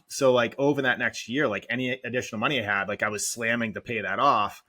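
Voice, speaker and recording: A real estate investor, a guest on a podcast, tells his story candidly and rambles with heavy "like" fillers, close to tears. His mid-range voice is fairly even in intonation, pushed and bright, moving quickly with hardly any pauses.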